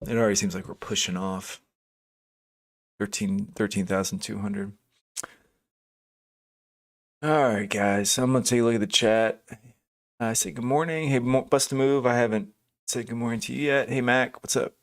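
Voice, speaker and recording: On his live day trading stream, a man with a mid-range voice talks at normal speed and pauses often. His casual market commentary is hesitant thinking aloud over charts, with lots of fillers, restarts and self-corrections, and he greets chat viewers by name.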